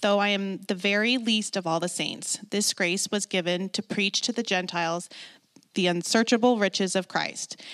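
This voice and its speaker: A woman reads scripture aloud in a measured way that builds in intensity. She sounds distant from the microphone. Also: medium pitch, fairly bright tone. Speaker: scripture reader.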